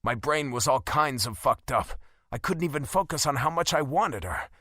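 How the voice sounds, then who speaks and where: Bright, animated male audiobook narrator. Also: medium pitch, normal speed, breathy edge, no room sound, clean studio sound. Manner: dramatic, emotionally charged delivery. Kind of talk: first-person scripted narration.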